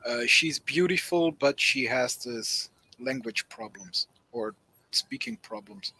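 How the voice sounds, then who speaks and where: A man chatting casually on an online call, pausing often to search for his words. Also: mid-range voice, sing-song, gravelly, sharp tone, breathy edge, rough recording. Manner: hesitant, searching for words with many ums. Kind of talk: casual chat.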